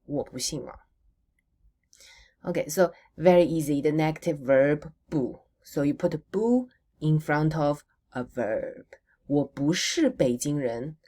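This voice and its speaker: A woman teaching a recorded language lesson. She models words slowly for repetition and answers her own questions. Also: sits low, lively intonation, mellow.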